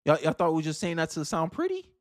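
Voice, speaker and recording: A man with a fairly high voice talks on his own livestream. He delivers opinionated political commentary with heavy emphasis, often circling back to repeat a phrase for effect. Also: huge pitch swings, fast. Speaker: livestream host.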